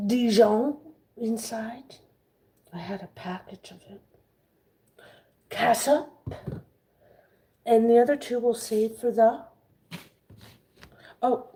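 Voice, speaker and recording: A woman talks her viewers through a recipe in a loose, jokey cooking-vlog manner. Her voice sits fairly high and she takes her time, with clear kitchen noise and clicks behind her. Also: dark tone. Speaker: vlogger cooking on camera.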